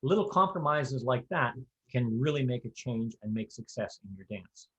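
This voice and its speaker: In this instructional talk, a square dance caller coaches other callers with practical, conversational advice, folksy digressions, and easy humor. His medium-pitched voice is fairly bright, with lively intonation at normal speed. The audio quality is poor.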